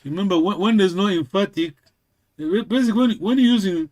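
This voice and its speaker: A man who speaks natively, leading a language lesson. He says each word over and over in a voice that sits a little high. He talks in a patient, steady way. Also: fast talker. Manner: patient, repeats words many times. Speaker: language teacher.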